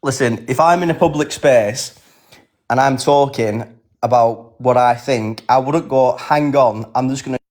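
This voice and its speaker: A man's voice: medium pitch, measured pace, a little mellow. A man calling into a phone livestream, insistent and stubborn, interrupting as he argues his side. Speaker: livestream guest. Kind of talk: heated live debate.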